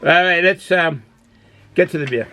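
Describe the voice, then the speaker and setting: A man's voice: on the high side, moderate pace, bright, forceful tone, a little hiss or hum. An older man with a Boston accent, reviewing beers in a rambling, folksy monologue from his home den, with lots of fillers and restarts. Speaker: beer reviewer. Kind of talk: casual product review monologue. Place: cool home den he calls a man cave.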